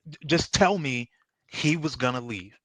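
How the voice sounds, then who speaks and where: This is a man ranting on a podcast, his voice bright and forceful, with a lot of swearing and raw frustration. The sound is dry and close, with no room around it. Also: mid-range voice, measured pace, dry recording. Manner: angry, profane ranting. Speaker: guest. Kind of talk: heated casual podcast chat. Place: remote video call.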